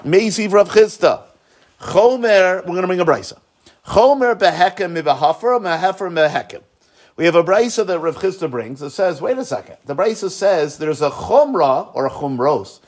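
Brief: male Talmud teacher, higher-pitched voice, sing-song phrase reading, quick plain explanations, keeps checking in. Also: animated. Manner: explains step by step, checks in with "right?" and "okay?"; chants Aramaic phrases slowly, then explains in quick English. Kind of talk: Talmud study lecture.

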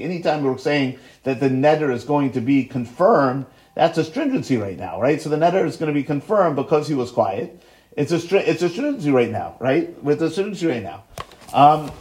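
Man teaching Talmud, sing-song and lively. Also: on the high side. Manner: explains step by step, checks in with "right?" and "okay?"; chants Aramaic phrases slowly, then explains in quick English. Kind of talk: Talmud study lecture.

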